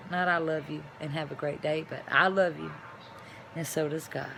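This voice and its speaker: A woman's voice: low-pitched, fairly even intonation, moderate pace, vocal fry, slight background noise. A middle-aged woman, chatting casually and rambling in her own vlog. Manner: chatty, rambling, signs off loudly. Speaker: vlogger. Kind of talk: casual chat to camera.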